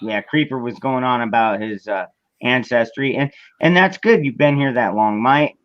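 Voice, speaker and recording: A man's voice: mid-range voice, normal speed, no room sound. Hesitant man on a lo-fi mic. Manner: hesitant, repeats words. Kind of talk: casual chat. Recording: dull lo-fi sound.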